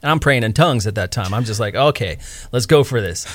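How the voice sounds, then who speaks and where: A man as a ministry guest in an interview, recounting events quickly and with emphasis. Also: mid-range voice, expressive, no echo. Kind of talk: conversational interview.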